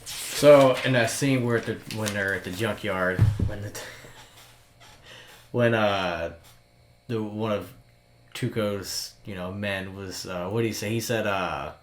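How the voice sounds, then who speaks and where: A man's voice: fairly low pitch, unhurried, pauses often. A man co-hosting a podcast, chatting casually and searching for his words as he goes. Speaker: podcast co-host. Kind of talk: casual chat. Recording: roomy echo with faint noise.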